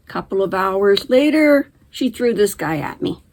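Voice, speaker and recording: A woman's voice: medium pitch, lively intonation, moderate pace. A middle-aged woman hosting a knitting video, chatting casually to camera and laughing easily as she talks. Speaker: knitting podcast host.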